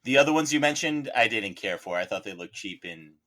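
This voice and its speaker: A man serving as a podcast juror, joking and animated as he gives his verdict. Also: medium pitch. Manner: animated, joking, quick to laugh. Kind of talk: casual film discussion.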